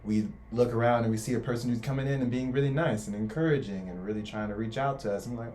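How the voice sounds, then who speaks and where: A man's voice: mid-range voice, fast, hardly any pauses, a little mellow, a little hiss or hum. A young man who just finished college, speaking earnestly and reflectively in a casual faith discussion. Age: young adult. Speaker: co-host.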